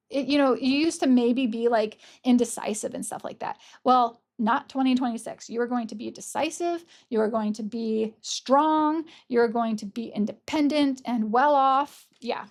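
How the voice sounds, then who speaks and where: A woman doing a casual, gentle pick-a-card tarot reading, gushing over the cards and openly emotional. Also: a little high, measured pace. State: tearful at times. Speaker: tarot reader.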